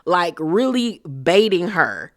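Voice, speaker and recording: A woman's voice: fairly low pitch, very animated, takes it slowly. A young adult woman hosting a reality TV recap vlog, talking in a sassy, blunt, profane ranting way. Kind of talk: casual commentary vlog.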